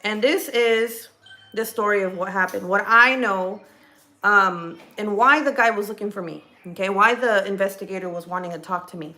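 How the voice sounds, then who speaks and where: A woman from California livestreams from her home kitchen, casually recounting a personal story with plenty of fillers, restarts, and swear words. She speaks in a mid-range voice with a sharp tone at a moderate pace.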